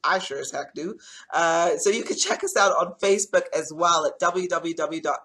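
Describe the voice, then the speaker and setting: A woman hosting a casual hair care tutorial, chatty and reassuring, with lots of fillers and quick self-corrections. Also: on the low side, slightly rough. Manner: gentle, reassuring instruction.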